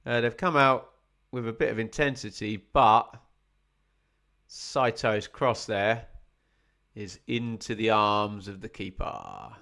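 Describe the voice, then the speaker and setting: Bright-voiced football commentator. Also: male voice, fairly low pitch, takes it slowly, gravelly. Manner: chatty, wry asides, gets excited at chances. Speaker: watch-along commentator. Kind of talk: live football watch-along commentary.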